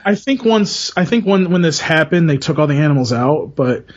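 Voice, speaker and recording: A man's voice: fairly high pitch, expressive, moderate pace. A man co-hosting a podcast, telling stories in a loose, laughing, swearing way. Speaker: podcast co-host. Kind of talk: casual chat. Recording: dull lo-fi sound.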